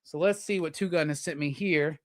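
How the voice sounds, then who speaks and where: A man hosting a live stream, unboxing gifts and gushing with loud, profane excitement. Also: fairly high pitch, brisk, dry recording. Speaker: live show host.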